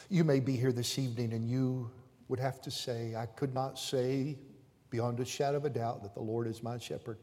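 A man preaching a sermon as pastor, swinging between fervent, raised passages and quiet, hushed appeals to the congregation. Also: mid-range voice, steady tone, moderate pace. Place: church sanctuary with pews. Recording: long reverb of a church hall.

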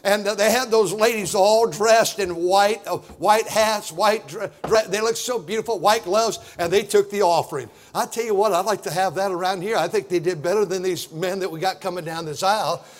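A middle-aged man preaching a fiery sermon as pastor, loud and boisterous, building to shouts. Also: sits high, moderate pace, few pauses.

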